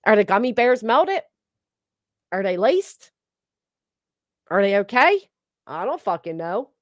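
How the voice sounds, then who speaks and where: A woman's voice: medium pitch, very animated, slow, no room sound, studio quality. A woman streamer giving blunt, sarcastic, profane gossip commentary while reading her chat, on a desk microphone. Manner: blunt, sarcastic, heavy cursing. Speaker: livestream commentator. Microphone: streaming desk mic.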